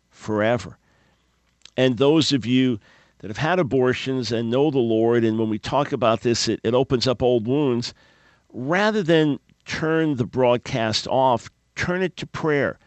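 In a radio studio, a man hosts a talk show, preaching earnestly and pleading with his listeners while stumbling slightly and repeating words. His voice is medium-pitched, captured on a studio microphone with no echo.

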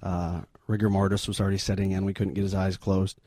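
Low-voiced man, earnest and halting. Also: flat delivery, mellow, no echo. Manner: earnest, halting, sombre retelling. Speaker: missionary guest. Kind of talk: interview storytelling.

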